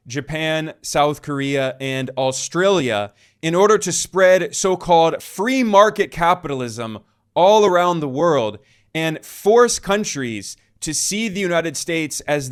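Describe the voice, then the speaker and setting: Higher-voiced male news narrator. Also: smooth. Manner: measured, emphatic delivery with quoted passages. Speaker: journalist narrating a news report.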